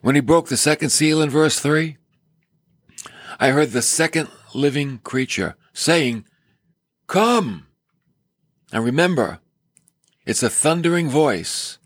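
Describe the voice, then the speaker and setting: Male preacher, deliberate delivery, slightly husky, emphatic sermon. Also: lively intonation, dry recording, studio quality. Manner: emphatic, with dramatic swings in pitch. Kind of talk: sermon on scripture.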